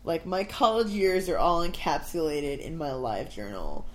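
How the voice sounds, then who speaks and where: Chatty young woman, lowish voice. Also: moderate pace, low-quality recording. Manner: animated storyteller, fillers like "like". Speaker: podcast co-host. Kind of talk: casual chat. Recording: faint background noise.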